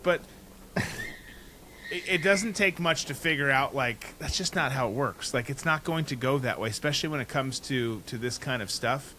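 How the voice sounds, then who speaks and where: A man's voice: medium pitch, normal speed, pushed and bright, a little hiss or hum. A man co-hosting a political podcast, speaking cautiously with stammered restarts. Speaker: podcast co-host. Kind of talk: casual political chat.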